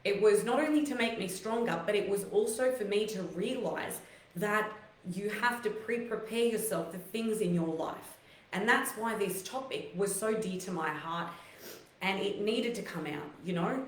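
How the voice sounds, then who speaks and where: A woman hosting a live online talk, emotional and close to tears, giving heartfelt, rambling encouragement with many fillers in a voice rougher and deeper than her usual. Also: moderate pace. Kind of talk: live-stream motivational talk to viewers. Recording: echoey room.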